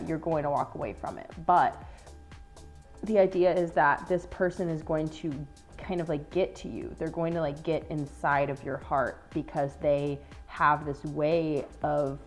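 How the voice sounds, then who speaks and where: A woman with a deep voice and darkish tone gives viewers a casual tarot reading. She's rambling, earnest, and emotional, full of "like" and casual swearing.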